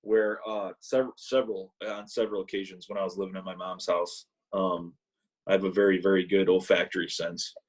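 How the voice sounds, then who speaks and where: A man co-hosting a casual podcast over a call, telling animated stories and mimicking people in a high voice. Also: fairly quick, breathy edge, low-quality recording. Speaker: podcast co-host. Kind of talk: casual chat, storytelling. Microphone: remote call mic.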